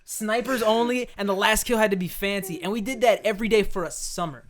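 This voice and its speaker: A young man chatting casually with friends, telling stories in an animated way, swearing freely and acting out quotes. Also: high-pitched, fast. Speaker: co-host. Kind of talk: casual chat.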